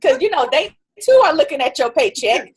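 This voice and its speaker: A woman guest on an interview show, telling her story in a chatty, animated way and acting out what others said. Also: high-pitched, fairly quick. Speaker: guest entrepreneur.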